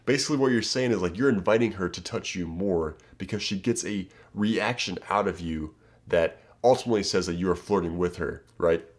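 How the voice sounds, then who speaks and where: A man's voice: deep voice, fairly quick. A man coaching viewers on dating in a casual, emphatic way, often checking in with "okay?" and "right?". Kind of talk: direct-to-camera advice talk.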